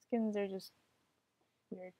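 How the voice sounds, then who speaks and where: A woman's voice: medium pitch, steady tone, slow pace, dark tone. A young woman giving casual commentary while playing an online game, often frustrated and swearing at other players. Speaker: gamer.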